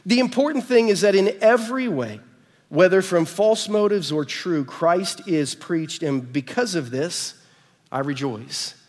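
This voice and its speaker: A middle-aged man with an American accent, preaching a sermon and telling family stories in an animated way, acting out the dialogue. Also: high-pitched, measured pace. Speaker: pastor. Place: church sanctuary. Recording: reverberant church hall.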